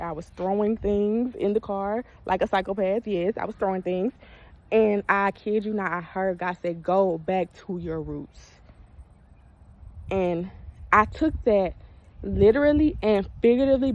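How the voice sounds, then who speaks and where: A woman's voice: mid-range voice, lo-fi sound. A woman in her thirties casually telling viewers a personal story, emphatic and chatty, talking straight to her audience. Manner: animated, emphatic, addresses viewers directly.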